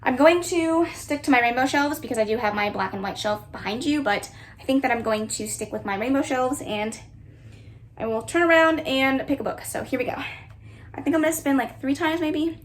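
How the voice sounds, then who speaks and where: A young booktuber narrates her own vlog indoors in her bedroom lined with bookshelves, chatting casually and giggling. Her voice sits high and moves at normal speed.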